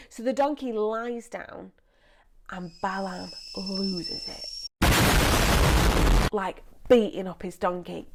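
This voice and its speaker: A young woman presenting a lively children's church story, chatty and animated. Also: mid-range voice, takes it slowly, gravelly, pauses often, over music. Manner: animated, chatty, acts out voices.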